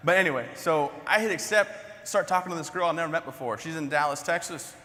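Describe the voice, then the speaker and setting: On stage in a large hall, a young man delivers a comedic keynote full of stories, laughing at his own jokes in a self-mocking way. His voice is a little high, quick and bright, with a forceful tone, and the recording carries hall reverb plus a slight hiss or hum.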